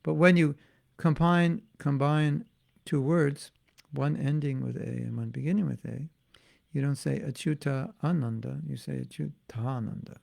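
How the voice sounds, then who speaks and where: A man's voice: on the high side, steady tone, a little slow, vocal fry, a little mellow. A man giving an informal devotional class as a spiritual teacher, talking in a musing, conversational way with frequent restarts and asides.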